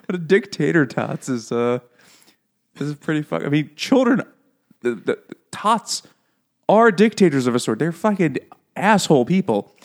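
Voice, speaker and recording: A man's voice: medium pitch, animated, normal speed. A man co-hosting a casual book podcast over beers, joking, swearing freely and laughing at his own jokes. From half Irish family. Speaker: podcast co-host.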